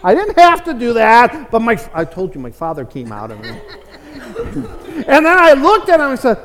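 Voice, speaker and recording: A middle-aged American pastor gives a chatty sermon, rich with folksy anecdotes. His voice sits high for a man, and he stumbles over repeated words as a point gathers steam. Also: wildly swooping pitch, moderate pace, a bit bright, long reverb tail. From United States. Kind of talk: conversational sermon.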